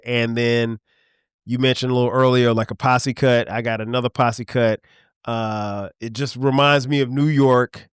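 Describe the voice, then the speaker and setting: A middle-aged man hosting a podcast, talking in a relaxed, rambling way with many restarts. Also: mid-range voice, unhurried, clear, resonant tone, no room sound, studio quality. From southern US. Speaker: podcast host. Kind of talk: casual conversation.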